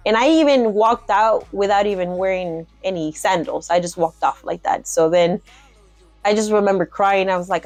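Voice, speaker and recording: A woman's voice: mid-range voice, normal speed, a little mellow, no echo, soft background music. A young woman candidly telling her own story, blunt, swearing freely and laughing at herself. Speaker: MMA fighter sharing her story.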